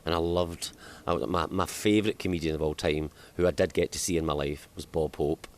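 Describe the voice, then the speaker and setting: Scottish male comic, deep voice, easygoing interview banter, quick to laugh. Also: steady tone, darkish tone. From Scotland. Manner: chatty, laughs often, self-deprecating. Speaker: comedian guest. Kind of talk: casual interview chat. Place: outdoors in hot sunshine.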